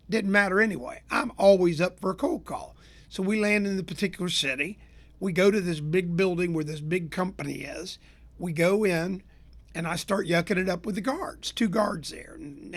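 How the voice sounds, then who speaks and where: A man from Florida, a business consultant hosting his own show, telling sales stories in a folksy, energetic rant. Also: high-pitched, normal speed. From Tampa area, Florida. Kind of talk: storytelling rant to listeners.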